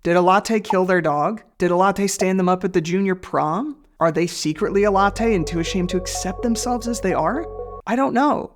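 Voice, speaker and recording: A man's voice: sits high, normal speed, music in the background. A man hosting a personal finance video, delivering a scripted comedic explainer in a sarcastic, playful way with jokey asides.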